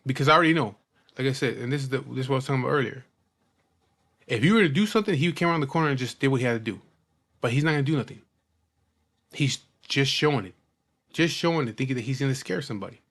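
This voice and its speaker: A man telling a personal story in casual talk, rough and profane, often repeating and restarting his words. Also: medium pitch, lively intonation, very fast, pauses often, fairly bright tone.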